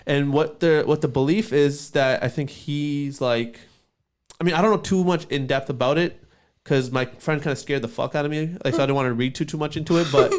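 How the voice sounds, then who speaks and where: A man's voice: a little high, a little fast. A young man from Canada telling a story in loose, casual speech, swearing and filling with "like" and "uh". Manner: loose, swearing, many fillers. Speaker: podcast host.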